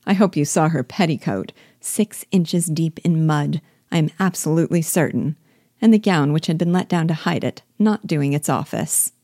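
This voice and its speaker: A woman reading aloud, voicing a snobbish, mocking young lady with scornful, drawn-out emphasis. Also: deep voice, warm tone, no room sound, studio quality. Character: sneering snobbish young lady, Miss Bingley.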